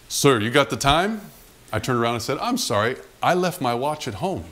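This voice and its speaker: Animated male pastor telling a story. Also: mid-range voice. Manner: animated storyteller, acts out quotes. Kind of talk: sermon storytelling.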